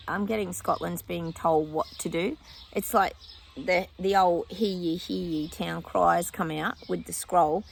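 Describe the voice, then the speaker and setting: A woman's voice: on the low side, vocal fry, a little hiss or hum. A woman psychic vlogging her predictions outdoors in casual chat, often breaking off to talk to her dog.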